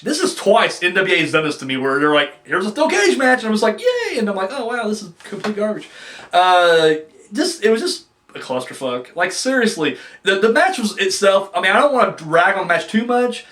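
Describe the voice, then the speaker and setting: High-pitched guy ranting in his wrestling review vlog, swears a lot, voice all over the place. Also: a bit bright. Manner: ranting, profane, frequent restarts. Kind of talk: casual video review.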